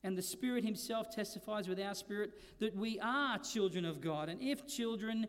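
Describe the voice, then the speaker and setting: A man with a high voice preaches a sermon, slowing to hammer home key words and dropping low and quiet between peaks. His voice rings out with a long hall reverb behind it. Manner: preaching with slow emphatic stresses and dynamic swings. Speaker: pastor.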